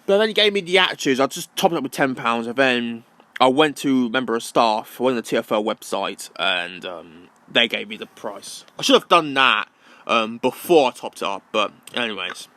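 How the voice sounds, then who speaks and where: A man's voice: mid-range voice, animated, moderate pace, sharp tone, no echo. A young man ranting casually to camera, rambling and repeating himself with many ums. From London. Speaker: vlogger.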